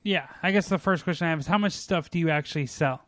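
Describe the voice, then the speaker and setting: High-pitched guy ranting and swearing, casual podcast chat, dead dry sound. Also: quick pace, a bit bright, no echo. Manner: profane, exasperated ranting.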